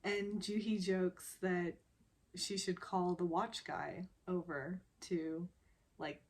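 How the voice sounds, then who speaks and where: A woman's voice: on the low side, flat delivery, takes it slowly, darkish tone. A woman casually recapping a television drama episode, rambling with many fillers and often breaking into laughter.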